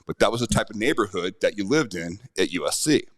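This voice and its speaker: Middle-aged guy, really low voice, dry close sound, chatty earnest storytelling. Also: animated, fast, dry recording. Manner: conversational, earnest, with restarts. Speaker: self-defense instructor. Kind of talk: personal storytelling to camera.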